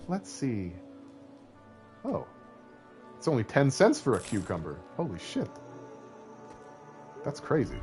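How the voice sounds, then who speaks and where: Streaming a story game, a young man from Canada reads it aloud and jokes around with chat over faint game music. He speaks unhurriedly with long pauses, in a medium-pitched, darkish voice that swings hugely in pitch.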